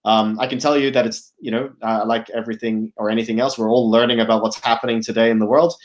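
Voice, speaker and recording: Male guest speaker, casual presenting voice, lots of "um" and "right?", mid-range pitch. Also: little pitch movement, quick pace. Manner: thinking aloud, many fillers and restarts, tag "right?". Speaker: guest speaker, product officer. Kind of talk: conference presentation.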